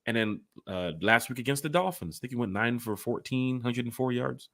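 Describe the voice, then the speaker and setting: On a sports fan podcast, a man with a medium-pitched voice talks a little fast. He keeps things casual and rambling, animatedly directing his words to his co-host.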